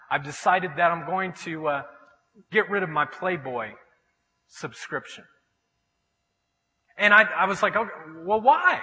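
A man's voice: high-pitched, bright, forceful tone, long reverb tail, low-quality recording. A man preaching a sermon as pastor in a church, telling stories with animation and acting out the voices of the people he quotes. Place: church sanctuary.

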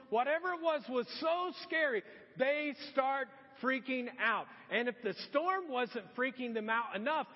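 High-voiced preacher in an echoing hall. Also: male voice. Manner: animated storytelling, acting out quotes. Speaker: pastor. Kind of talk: sermon. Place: church sanctuary. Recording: dull sound with long hall reverb.

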